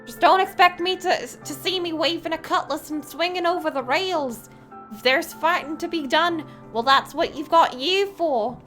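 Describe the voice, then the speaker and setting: A woman voicing a chipper airship chief engineer in a bright, bouncy, emphatic way. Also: very high-pitched, normal speed, faint music behind, pitched above the performer's own voice.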